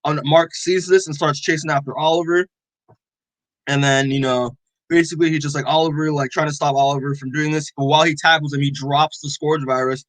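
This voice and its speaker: A man in casual chat, recapping a story and slipping into everyone's lines along the way. His voice sits a touch high and he keeps circling back with fillers. The sound is dry and close. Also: fairly even intonation, brisk, fairly bright tone, dry recording, poor audio. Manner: rambling, full of "like" and quoted dialogue. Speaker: podcast co-host recapping comics.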